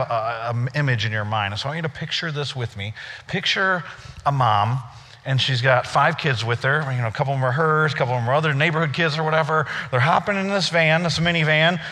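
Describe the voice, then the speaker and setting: A male pastor with a bright, forceful voice, telling a story to his congregation. His delivery is conversational, with playful asides. The sound carries a long reverb from a big church hall. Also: mid-range voice. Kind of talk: sermon.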